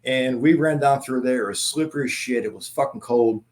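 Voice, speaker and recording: A man's voice: mid-range voice, a little fast. A middle-aged man, a guest, telling stories in a rambling, profane casual chat.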